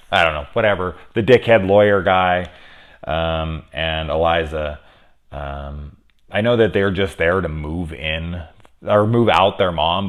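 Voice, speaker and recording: Rambling, swearing man reviewing a movie. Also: deep voice. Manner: rambling, profane, lots of fillers. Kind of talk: casual spoiler review.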